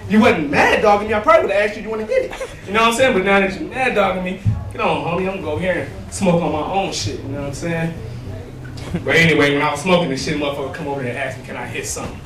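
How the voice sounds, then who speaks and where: A man's voice: a little high, racing, roomy sound, distant mic, crowd noise. A man doing a crude, rambling stand-up comedy set in a small, nearly empty club, laughing at his own jokes.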